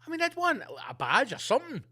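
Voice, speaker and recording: A man hosting a comedy podcast, ranting loudly and profanely with lots of animation. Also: very high voice, wildly swooping pitch, fast talker. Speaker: podcast host. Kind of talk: comedic rant.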